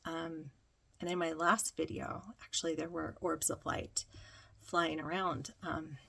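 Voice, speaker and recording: A woman telling a reflective personal story, slow and dreamy, with many ums. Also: sits low, flat delivery, a bit bright. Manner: slow, dreamy, breathy with frequent ums and laughter. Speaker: spiritual vlogger.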